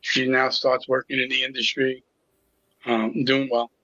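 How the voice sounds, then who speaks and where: A man's voice: medium pitch, completely flat delivery, unhurried, sharp tone, dry recording, lo-fi sound. A middle-aged man telling his personal story as an interview guest, candid and with a sarcastic sense of humor. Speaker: interview guest, recovery coach.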